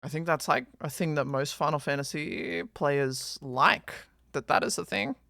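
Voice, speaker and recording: A woman's voice: deep voice, normal speed, vocal fry, a bit bright, no room sound, studio quality. A young Australian woman streaming, chatting casually with a guest, playful and teasing with plenty of swearing. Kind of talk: casual chat.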